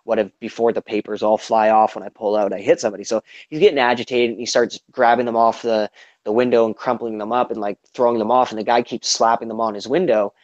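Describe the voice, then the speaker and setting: A man's voice: on the low side, flat delivery, fast talker, no echo. A man in casual political chat, rambling with lots of fillers and swearing, acting out the quotes he retells. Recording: dull lo-fi sound, dry.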